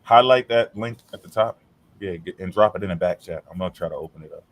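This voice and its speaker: A man's voice: low-pitched, quick pace. A man hosting a casual streamed chat, talking in a blunt, profane and heated way.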